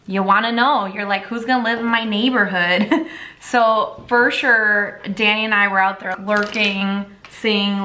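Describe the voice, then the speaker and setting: Bright, chatty young woman. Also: mid-range voice. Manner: chatty and rambling, switches to baby talk with her dog. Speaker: makeup vlogger. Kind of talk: casual makeup tutorial chat. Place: her home.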